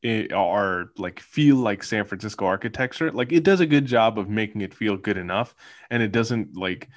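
A man's voice: fairly low pitch, lively intonation, moderate pace. A man co-hosting a casual movie podcast, musing about filming locations in a rambling way with many fillers. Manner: rambling, filler-heavy, thoughtful asides. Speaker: podcast co-host.

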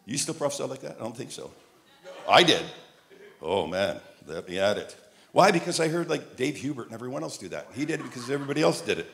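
An older male preacher from Montreal, telling humorous stories in his sermon and rising to loud, emphatic peaks. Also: medium pitch, sing-song, fast talker, vocal fry. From Montreal, Canada.

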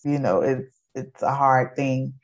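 A woman's voice: rumbling low, a little slow, lo-fi sound. Earnest woman in her forties telling her story. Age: 40s. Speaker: guest, educator. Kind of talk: emotional personal testimony.

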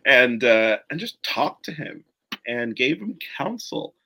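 Animated, bright-voiced man laughing a lot. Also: medium pitch, slow, slight background noise. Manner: animated and laughing, many fillers. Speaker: comic writer guest. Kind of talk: casual conversation.

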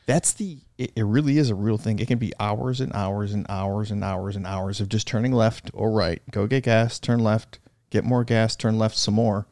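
A man's voice: fairly low pitch, fairly even intonation, moderate pace, few pauses, darkish tone, no room sound, studio quality. A man hosting a casual interview, chatting easily and steering the conversation. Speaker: podcast host.

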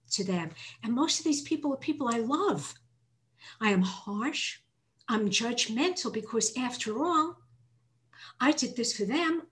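A woman giving a personal recovery share, earnest and reflective, reading lists aloud from her notes and sometimes restarting as she searches for words. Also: mid-range voice. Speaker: twelve-step program member sharing her step work.

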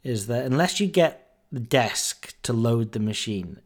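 Male podcast host, mid-pitched, casual storyteller who acts out the dialogue. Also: unhurried. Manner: chatty, animated anecdote-telling with fillers and quoted dialogue.

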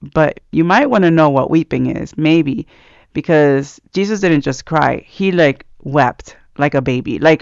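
Earnest man with a gravelly voice. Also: a little high, dry recording. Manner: rambling, earnest, with frequent fillers and laughs. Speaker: Christian speaker. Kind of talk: casual devotional talk. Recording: dull lo-fi sound, dry.

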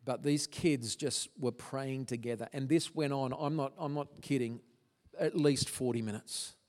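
A man's voice: medium pitch, a little slow, darkish tone. A middle-aged man giving an earnest, emotional testimony to a church audience, with stumbling restarts. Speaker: guest speaker. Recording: long hall reverb.

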